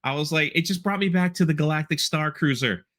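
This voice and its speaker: A man hosting a casual podcast chat, his voice pitched a bit high with a bright, forceful edge. He rambles through a story recap, trailing off with loose asides and dropping into quick playful impressions of the characters. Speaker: podcast host.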